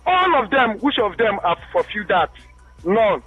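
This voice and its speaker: In a rich voice note: a high-pitched Nigerian man cries out his grievances down a muffled phone line, pleading and emotional. He keeps appealing to the host as his beloved brother. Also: very animated, normal speed, breathy edge, faint music behind. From Rivers State, Nigeria. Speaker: caller. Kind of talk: call-in radio commentary. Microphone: phone call into a radio studio.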